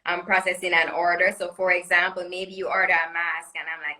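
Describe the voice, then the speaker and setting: Bright-voiced Caribbean woman, chatty guest. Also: on the low side, level tone, a little fast, hardly any pauses, low-quality recording. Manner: chatty, laughs often, promotional. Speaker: jewelry designer guest. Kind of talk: live social media interview. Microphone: phone or webcam on live video call.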